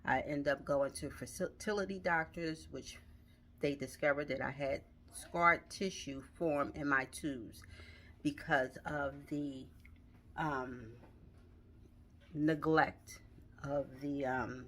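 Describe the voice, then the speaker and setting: A middle-aged woman telling a painful personal story in a halting, emotional way, with many restarts. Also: low-pitched, fairly even intonation, fairly bright tone, slight background noise.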